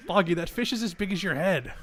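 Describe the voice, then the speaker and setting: A man's voice: high-pitched, animated, fast talker, fairly bright tone, soft background music. A young man casually commenting on a video game he is playing, joking and swearing freely, and reading the characters' lines in silly voices. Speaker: game streamer.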